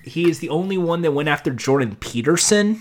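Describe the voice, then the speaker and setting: A young man chatting on a podcast, opinionated and rambling, often cracking jokes. His voice is fairly high for a man and swings up and down a lot. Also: expressive, brisk. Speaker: podcast co-host. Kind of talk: casual chat.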